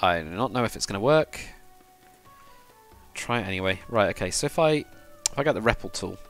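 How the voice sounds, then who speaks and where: A man's voice: on the low side, lively intonation, brisk, a bit bright, soft background music. British man chatting on a live stream. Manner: rambling, swears, chats with viewers. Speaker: livestreamer. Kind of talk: casual live-stream chat while building.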